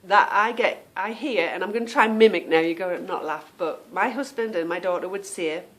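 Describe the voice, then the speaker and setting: A woman's voice: on the low side, a little fast. A woman hosting a podcast, talking casually in a chatty, self-amused way and explaining things with plenty of fillers. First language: English. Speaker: podcast host. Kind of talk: casual monologue.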